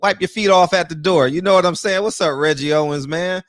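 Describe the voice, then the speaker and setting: A man's voice: high-pitched, fairly quick, no echo, studio quality. A man, hosting a live-streamed boxing talk show, greeting viewers by name in loose, casual chat, swearing easily and laughing often. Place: small room.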